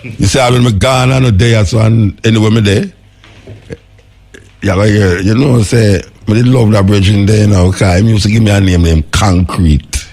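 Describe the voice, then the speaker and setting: A man with a Jamaican accent who hosts a radio show and chats casually and animatedly, with a raspy voice, often laughing and repeating words. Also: on the low side, steady tone, moderate pace, darkish tone. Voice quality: raspy, gravelly. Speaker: radio host. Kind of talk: casual on-air chat.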